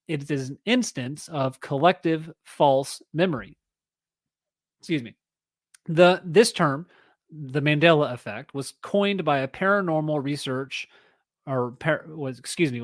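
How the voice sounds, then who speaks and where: A man's voice: mid-range voice, no echo. Chatty self-correcting man, dry close sound. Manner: chatty and self-correcting, reading aloud with asides. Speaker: podcast host. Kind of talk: solo podcast commentary.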